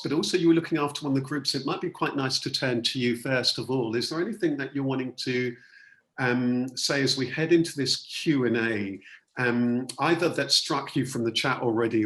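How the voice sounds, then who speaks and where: A man's voice: medium pitch, fairly bright tone, roomy sound. A man, a coach and speaker, leading an online masterclass and repeating key words earnestly for emphasis. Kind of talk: online workshop talk.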